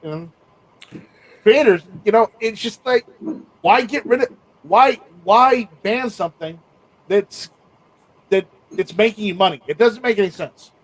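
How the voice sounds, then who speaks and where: Man, General American accent, high voice, host, rambling, fillers. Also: measured pace, pauses often, rough recording. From southern United States. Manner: rambling, repeats words, many fillers. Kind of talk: casual chat.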